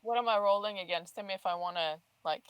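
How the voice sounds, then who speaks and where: A woman's voice: medium pitch, a little fast, clear, resonant tone. A woman playing a tabletop role-playing game, chatting in a hesitant, giggly way. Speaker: player. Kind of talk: casual tabletop game chat.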